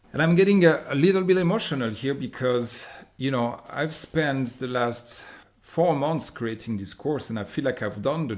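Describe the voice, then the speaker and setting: A man's voice: mid-range voice, darkish tone. Male course instructor, French accent, upbeat and theatrical, swears casually. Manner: enthusiastic, mock-dramatic, swears casually. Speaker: online business course instructor. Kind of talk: recorded course lesson, drawing on a board.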